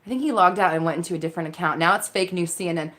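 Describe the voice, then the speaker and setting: A woman's voice: on the low side, racing, a bit bright. A woman hosting a live Q&A as a mindset coach, chatting casually into her phone, reacting to viewer comments with frequent laughter and casual swearing. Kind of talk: casual live-stream chat.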